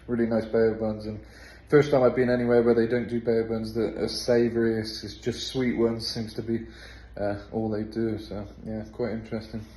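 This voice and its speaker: A man's voice: lowish voice, little pitch movement, normal speed, hardly any pauses, warm tone, a little hiss or hum. A British man giving casual travel commentary outdoors from an open-top tour bus, rambling and swearing freely. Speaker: travel vlogger. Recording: busy street crowd behind.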